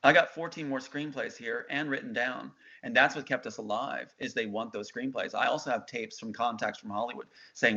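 Middle-aged male guest, insistent storyteller, forceful bright tone, lo-fi audio. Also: mid-range voice, fairly even intonation, a little fast, hardly any pauses. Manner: intense, insistent, quotes others' words. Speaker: interview guest. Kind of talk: emotional storytelling. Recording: dull lo-fi sound.

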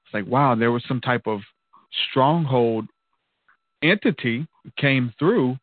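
A man's voice: medium pitch, slow, no room sound. Man telling a story over a tinny line. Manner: earnest, loose and conversational with fillers like "man" and "dude". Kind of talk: casual storytelling testimony. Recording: tinny phone-like line, dry.

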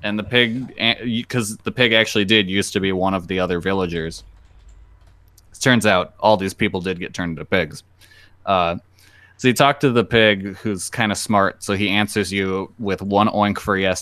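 A man's voice: low voice, steady tone, moderate pace, fairly bright tone, no echo. A man hosting a casual podcast chat, rambling through a joking story and acting out the people in it. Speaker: podcast host.

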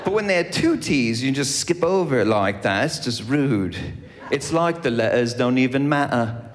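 A man doing a stand-up comedy routine, animated, slipping into mock accents. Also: medium pitch, normal speed. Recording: live comedy club with crowd noise. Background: audience crowd.

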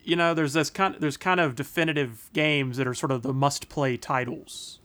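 A man on a gaming podcast rambles excitedly, stammering through restarts. His voice sits slightly high. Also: normal speed. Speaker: podcast co-host. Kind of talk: casual podcast chat.

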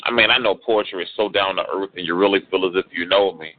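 A man's voice: deep voice, steady tone, fast. A man performing a rhyming spoken word poem with a rhythmic, exasperated delivery. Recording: tinny phone-like radio audio.

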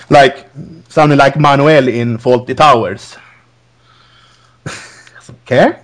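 A man's voice: medium pitch, slow, long pauses, fairly bright tone. A man hosting a podcast, recapping wrestling in a rambling, casual way, laughing often between restarts. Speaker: podcast host.

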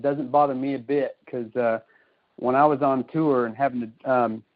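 A man's voice: medium pitch, fairly even intonation, moderate pace. A man telling a rambling, laughing story in a casual chat on a community call. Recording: dull lo-fi call audio.

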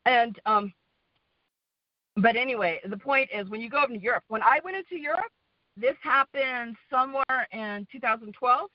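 Over a phone line, a slightly high-voiced woman from the western United States calls in to a community prayer call, speaking at normal speed. She sounds exhausted, telling her story in a rambling way full of fillers and repeated "okay?"s. The recording is dry and muffled.

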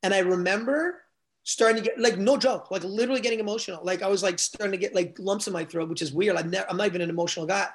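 Promoter type, middle-aged man, fast and high-voiced, animated storyteller. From Canada. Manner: animated, swears freely, retells quotes with feeling. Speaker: guest, event promoter. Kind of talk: casual storytelling.

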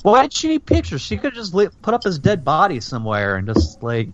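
A man's voice: fairly high pitch, fairly quick, noisy background. A man from Florida chatting casually on a podcast, swearing often and filling his talk with "like". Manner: animated, profane, lots of "like". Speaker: podcast host. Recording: lo-fi dull sound.

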